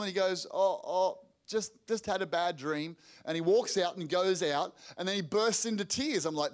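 A middle-aged man preaching to a church congregation, telling lively family stories with quick restarts and acted-out quotes. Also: sits high. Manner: energetic storytelling with rapid restarts and acted-out quotes. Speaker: pastor. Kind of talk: sermon storytelling. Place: church hall before a congregation.

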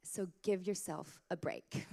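A woman's voice: on the low side, slow pace, creaky. A woman in her thirties preaching a sermon to mothers, telling personal stories in a chatty way full of "like" fillers. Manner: warm storytelling, chatty with many "like" fillers. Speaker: pastor.

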